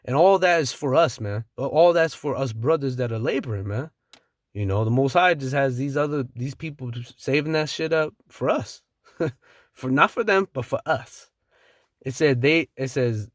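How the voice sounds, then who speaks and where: A man's voice: medium pitch, no room sound, clean studio sound. A man preaching from scripture, reading verses aloud and then riffing on them in blunt, slangy street talk with the odd chuckle.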